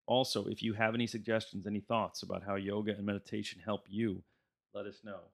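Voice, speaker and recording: A man's voice: fairly low pitch, flat delivery, fast talker, creaky. A man hosting a casual podcast, chatting loosely and laughing often as he wraps up an episode. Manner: laughs often, easygoing outro patter. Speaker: podcast host.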